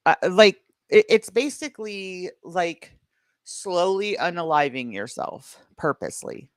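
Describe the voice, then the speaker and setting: Slow, scolding woman commentator. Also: lowish voice, animated, no room sound, clean studio sound. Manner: scolding, emphatic, drawn-out words. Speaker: commentary channel host. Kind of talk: reaction commentary.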